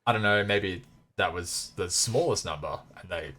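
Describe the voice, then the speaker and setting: Dude with a really deep voice, breaking down game numbers, dry jokes. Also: male voice, normal speed, pushed and bright. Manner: explains game stats plainly, with dry asides. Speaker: podcast co-host. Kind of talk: casual chat.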